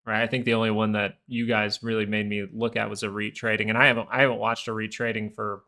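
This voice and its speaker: A man's voice: on the low side, flat delivery, quick pace, pushed and bright. A man hosting a live stock market stream, talking casually in a rambling, chatty way. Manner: rambling, chatty, full of fillers and asides.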